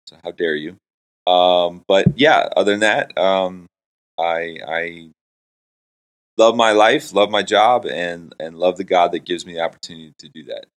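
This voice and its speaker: Deep-voiced joking man from Florida. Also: a little slow. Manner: jokey, self-deprecating, rambling. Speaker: Christian hip hop artist and pastor. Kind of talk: casual podcast interview. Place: hotel room.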